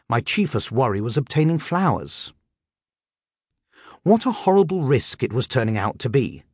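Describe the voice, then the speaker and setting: A male narrator, his voice slightly husky and his pitch moving a lot as he tells a comic story in the first person. He sounds wry and lively. The recording is dry and close to the mic. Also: no echo. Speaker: audiobook narrator.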